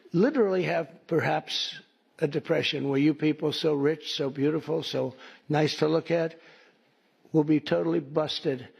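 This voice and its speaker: Gravelly boastful man giving a speech. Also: fairly high pitch, a little mellow. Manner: boastful, repetitive, mocking. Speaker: politician speaking at an event. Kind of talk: rambling speech.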